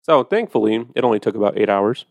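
A man's voice: fairly low pitch, animated, fast talker, creaky, darkish tone, dry recording. A man hosting a podcast, chatting casually and animatedly about wine, with profane storytelling. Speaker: podcast host.

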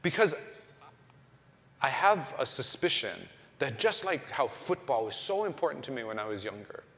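A man's voice: mid-range voice, very animated, moderate pace, a bit bright. Man, pastor, casual sermon, rhetorical questions, long hall reverb. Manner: conversational preaching, many restarts and rhetorical questions.

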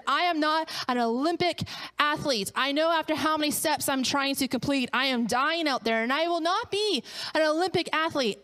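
A woman's voice: a little high, a bit bright, smooth. A woman pastor giving a sermon, telling stories animatedly and acting out the voices of the people in them. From Canada.

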